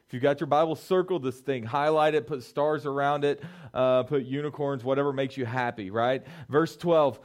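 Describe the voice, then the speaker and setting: A man's voice: mid-range voice, steady tone, moderate pace, few pauses. A middle-aged man preaching to young people as a youth pastor, talking casually and building to fervent urging, often saying "man" and "listen.". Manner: conversational, rising to fervent urging; peppers speech with "man" and "listen". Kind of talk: sermon.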